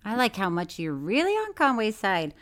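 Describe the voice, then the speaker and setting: A woman co-hosting a podcast, chatting in an animated, incredulous and teasing way. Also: mid-range voice, normal speed. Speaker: podcast co-host. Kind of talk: casual chat.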